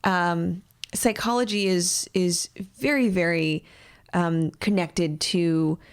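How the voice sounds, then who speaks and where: Woman, psychologist co-host, thoughtful, explanatory, lower pitch. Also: slow pace, clean tone. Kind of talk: casual chat.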